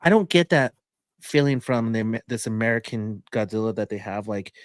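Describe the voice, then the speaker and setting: A man's voice: fairly low pitch, animated, moderate pace, dry recording, studio quality. Man rambling through a movie review. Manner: rambling, enthusiastic, many fillers. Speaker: podcast co-host, movie reviewer. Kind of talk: casual movie review chat.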